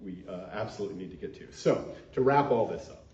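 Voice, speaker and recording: A man's voice: fairly low pitch, lively intonation, fast, darkish tone, slight background noise. A male minister preaching a sermon in an earnest way, leading the congregation in call-and-response. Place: church sanctuary. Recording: dull echoey sanctuary recording.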